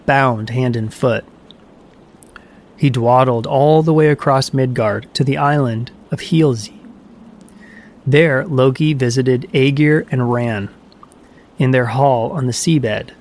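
A man reading a myth aloud as a storyteller, in an even, measured way. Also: medium pitch, a little hiss or hum. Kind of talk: scripted narration of a myth.

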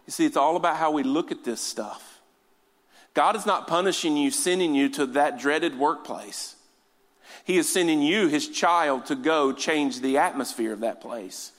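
A high-voiced man preaching to a congregation, quipping in lighter moments and then pressing his point with rising fervor. His voice carries a long reverb through a large church hall. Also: normal speed. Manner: animated, joking asides, builds to fervent exhortation. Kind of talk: sermon.

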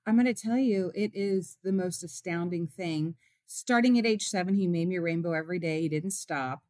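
A woman's voice: on the low side, normal speed, a little mellow, no room sound, studio quality. A woman being interviewed as an author and mother, earnestly telling stories and acting out what people said. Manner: earnest, tells stories with quoted dialogue. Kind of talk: heartfelt storytelling in an interview.

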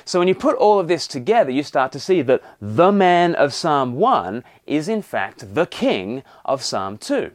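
A man's voice: on the high side, big pitch swings, a little slow, hardly any pauses. A married man preaching a sermon, explaining scripture and reading passages aloud with emphasis. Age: adult, married.

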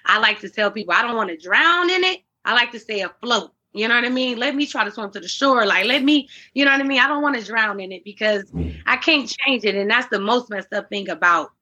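A woman's voice: fairly high pitch, expressive, brisk, bright, forceful tone, dull audio. A woman speaking as an interview guest in a candid, earnest way, often circling back with fillers and restarts. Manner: earnest, faith-driven, with many fillers and restarts.

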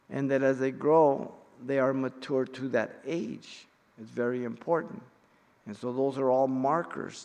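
A middle-aged man teaching an in-depth Bible study, speaking in a measured, emphatic way with pauses and occasional fillers. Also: mid-range voice, vocal fry, a little mellow. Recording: long reverb in a hall.

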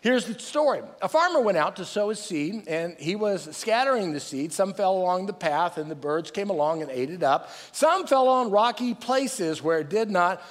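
Middle-aged male pastor, high-pitched, energetic preaching with call and response, heard in a reverberant church hall. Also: normal speed, few pauses. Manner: energetic, calls for crowd responses, restarts phrases. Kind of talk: sermon.

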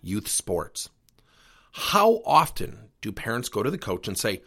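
Middle-aged man, podcast host and coach, husky, gravelly voice, very lively pitch. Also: unhurried. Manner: animated, earnest coaching delivery. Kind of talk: solo podcast talk.

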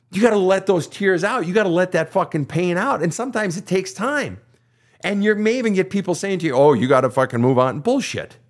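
Blunt profane man giving relationship advice. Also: medium pitch. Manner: quotes people in mocking voices. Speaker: podcast host and counselor. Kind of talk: casual advice monologue.

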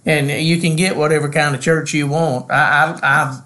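A man co-hosts a ministry podcast, teaching with earnest, preacherly conviction. He slows down to stress key words, and his voice sits a little high for a man. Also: steady tone, pushed and bright. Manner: earnest, preacherly, drawn-out emphasis. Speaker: pastor and podcast co-host.

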